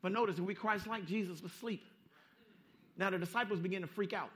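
A man from Southern California preaching with a high, bright, ringing voice. He hammers home repeated phrases, drops to a near hush and then swells loud, all in a folksy, street-style preaching manner. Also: quick pace. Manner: emphatic, repeats phrases for effect, swings from hushed to loud. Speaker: pastor. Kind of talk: sermon.

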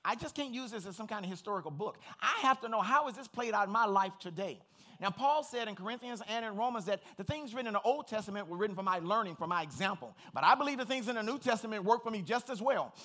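Bright, high-voiced preacher man. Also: expressive, quick pace. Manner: earnest, personal, plain-spoken preaching. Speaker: pastor. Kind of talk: sermon.

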